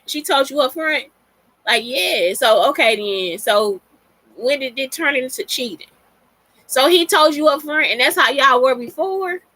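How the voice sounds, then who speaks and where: Woman host, higher voice, blunt and profane, dry close sound. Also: bright, forceful tone, dry recording. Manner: blunt and profane, talks straight to listeners. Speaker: podcast host. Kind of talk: casual monologue answering listener questions.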